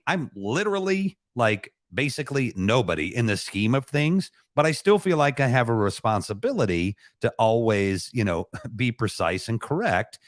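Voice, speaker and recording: A man talks in a loose, rambling, joking way as co-host of an online chat show. His pitch swings widely as he talks. The recording is dry and close, with no room sound. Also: no room sound. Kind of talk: casual chat.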